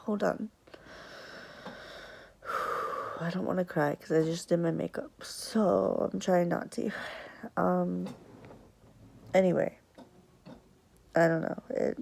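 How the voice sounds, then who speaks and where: A young woman telling a personal story on camera, fighting back tears, speaking haltingly with many pauses and sometimes dropping to a whisper. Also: fairly low pitch, vocal fry, poor audio. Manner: soft, sometimes drops to a whisper. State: tearful, fighting back crying. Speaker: vlogger.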